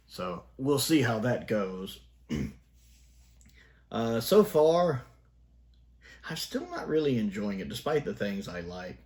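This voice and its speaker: A man with a Southern American accent talks through his thoughts on an old TV episode in a loose, rambling review. His voice sits fairly low, and he often restarts sentences and breaks into small laughs. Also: a little mellow. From Southern United States. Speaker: TV review vlogger. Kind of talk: casual spoken review.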